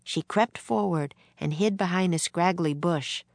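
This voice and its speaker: A woman reads a children's storybook aloud at an unhurried pace. Her voice sits low, and the recording is close and dry with no room around it. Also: creaky, dry recording. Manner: slow, gentle read-aloud pacing. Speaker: narrator. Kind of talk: storybook reading.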